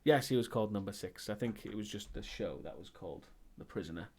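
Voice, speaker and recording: Chatty Welsh man, lively pitch. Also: fast, husky. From Wales. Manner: chatty, wry, self-correcting asides. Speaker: streamer. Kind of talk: casual chat reading live chat.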